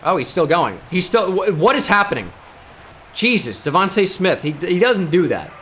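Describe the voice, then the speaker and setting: A man commentates his own football video game in a slightly high voice that swings widely in pitch. He jokes around and breaks into shouted play-calls. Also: big pitch swings, normal speed, slight background noise. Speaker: gaming video host. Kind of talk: gameplay commentary.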